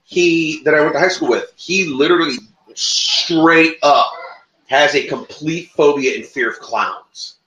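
A man co-hosting a casual livestream, telling long, wandering stories peppered with swearing. His voice is bright and sits a little high. The room around him is echoey. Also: a little slow. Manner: swears freely, rambling storyteller. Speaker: co-host.

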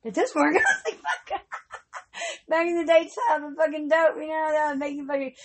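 A woman's voice: high voice, moderate pace, fairly bright tone. A woman vlogger telling rambling, casual stories, swearing freely and breaking into frequent giggles.

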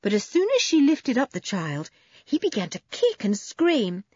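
A woman reading a children's storybook aloud in an expressive, animated way. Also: a little high, moderate pace, lo-fi sound, slight background noise. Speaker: audiobook narrator. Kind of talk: storybook narration.

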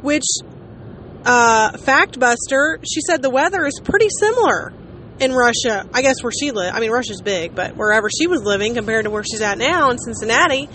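A woman's voice: high voice, sharp tone, a little hiss or hum. A woman in her late thirties chatting casually to her viewers, rambling and poking fun at herself. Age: late 30s. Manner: chatty, rambling, self-mocking. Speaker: vlogger. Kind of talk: casual chat.

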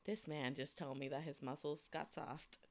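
A woman's voice: low voice, fairly even intonation, moderate pace. A young woman hosting a podcast in casual, slangy, gossipy chat with frequent laughter. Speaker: podcast host.

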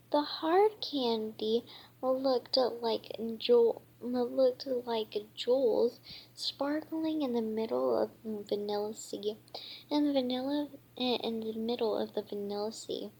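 A woman's voice: fairly high pitch, vocal fry, a little mellow, breathy edge, poor audio. A woman reading a children's book aloud, stumbling and restarting often. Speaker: reader.

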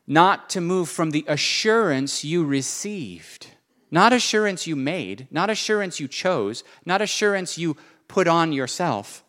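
A man preaching a sermon, earnest, moving between soft and emphatic delivery. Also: on the high side.

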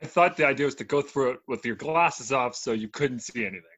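A man's voice: medium pitch, fast talker, fairly bright tone, muffled recording. A man co-hosting a casual podcast, emphatic and incredulous, laughing often. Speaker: podcast co-host. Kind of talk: casual chat.

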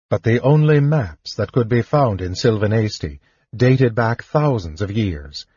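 Low husky male audiobook narrator. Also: a little mellow, dry recording, lo-fi sound. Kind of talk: scripted narration.

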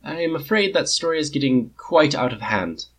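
A man doing a shy young king with a clear warm voice. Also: a little high, big pitch swings, moderate pace, pitched above the performer's own voice, full character voice. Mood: polite. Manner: polite, apologetic, embarrassed.

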